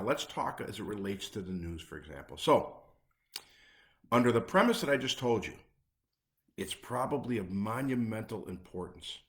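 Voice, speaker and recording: A man from the Midwest with a Chicago accent, speaking live as an anxiety coach in an emphatic talk built on punchy, repeated lists. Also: fairly low pitch.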